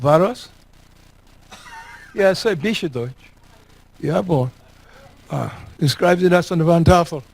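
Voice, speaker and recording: A man's voice: a little high, animated, slow pace, vocal fry, long pauses, poor audio. A man from New York state gives a talk and takes audience questions, folksy and joking, repeating words for emphasis. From Elmira, New York. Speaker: guest speaker.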